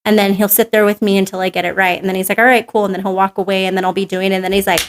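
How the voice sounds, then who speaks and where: Guest spot: New woman, animated anecdote teller, lots of "like", mid-pitched voice. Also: rapid-fire, a little hiss or hum. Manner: animated storyteller, filler-heavy "like", acts out quotes. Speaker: podcast guest. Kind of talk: casual interview chat.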